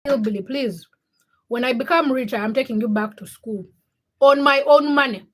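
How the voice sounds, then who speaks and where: A woman's voice: high-pitched, moderate pace, a bit bright. A young woman from Uganda hosting a casual livestream, reading viewer comments by name and teasing them. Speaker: livestream host.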